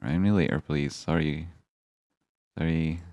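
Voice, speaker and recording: Man, low voice, dry close sound, rambling live-stream chat, swears, excitable. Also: measured pace, creaky, no echo. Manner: rambling and excitable, swearing, swings between grumbling and hype. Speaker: stand-in livestream host.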